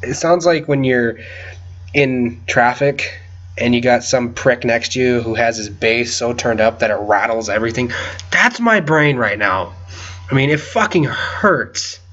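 A man giving casual gameplay commentary, frustrated and swearing loudly as he plays, while feeling unwell with a headache. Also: medium pitch, measured pace, muffled recording. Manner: frustrated, swearing, loud outbursts. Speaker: gaming video creator.

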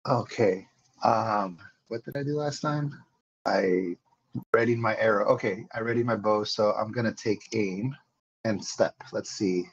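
An easygoing man playing a tabletop game, thinking out loud as he takes his turn. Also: on the low side, a little slow, husky, dull audio. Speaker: player. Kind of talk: casual tabletop game chat.

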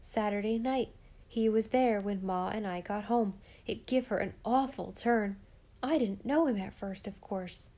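Earnest solemn farm boy, rustic speech, mellow tone, a woman voicing him. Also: mid-range voice, a little slow, lightly acted.

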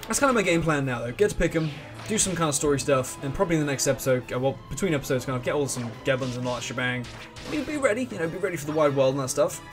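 A man giving casual gameplay commentary as the host of a let's play, rambling and excitable, often restarting his sentences and humming along. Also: a little high, very fast, over music.

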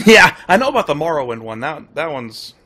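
Husky-voiced playful man streaming a game. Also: on the high side, sing-song, normal speed, bright, forceful tone. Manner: playful, laughs often, chats to his cat. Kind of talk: casual gameplay livestream commentary.

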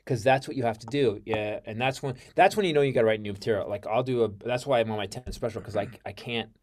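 Speaking fast, an American man who is a comedian guest spins stories in a casual interview. He swears freely, gets excitable, and performs quotes loud and high with sharp jumps in pitch and volume.

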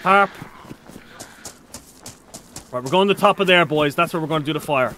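A man streaming a survival game, chatting casually and excitably, with frequent swearing. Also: a little high, moderate pace, a little hiss or hum. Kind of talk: casual live-stream commentary.

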